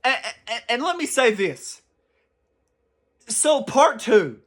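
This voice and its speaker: Young man, casual rambling commentary, swears a lot, raised pitch, sharp tone. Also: takes it slowly. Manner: excitable, rambling, swears freely, repeats himself. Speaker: anime commentary channel host.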